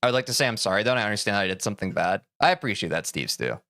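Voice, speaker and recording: Animated young man ranting to chat. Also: fairly low pitch, very fast, no room sound. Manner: heated, swears a lot, switches to calm apologies. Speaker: streamer.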